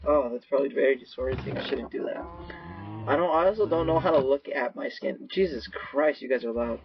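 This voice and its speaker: A man doing gaming commentary, rambling to himself with profane, erratic outbursts and sudden yelling. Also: mid-range voice. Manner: rambling self-talk. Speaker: gaming channel host. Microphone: laptop mic. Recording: dull lo-fi laptop mic.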